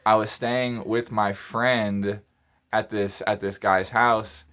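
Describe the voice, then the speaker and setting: A man's voice: on the low side, little pitch movement, takes it slowly, a bit bright, smooth. A man telling a story in a casual monologue, rambling, repeating phrases and restarting his sentences. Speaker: podcast host.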